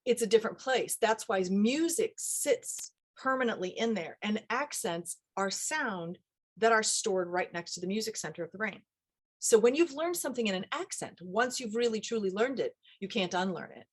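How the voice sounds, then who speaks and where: A woman's voice: mid-range voice, expressive, normal speed, breathy edge. A middle-aged woman, an accent coach, chatting in an interview and explaining with acted-out quotes, recorded over a video call. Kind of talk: casual interview chat.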